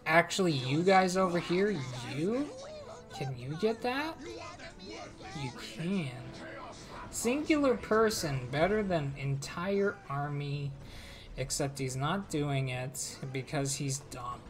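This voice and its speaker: A woman's voice: sits low, animated, slow pace, music in the background. A woman streamer giving casual, playful commentary as she plays a strategy game, talking to her units and laughing.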